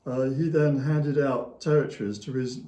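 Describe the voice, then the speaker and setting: A man's voice: mid-range voice, fairly even intonation, moderate pace, dark tone. A male author talking as an interview guest, retelling history in a rambling, anecdotal way with many fillers and small chuckles. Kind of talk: casual storytelling conversation. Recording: echoey room.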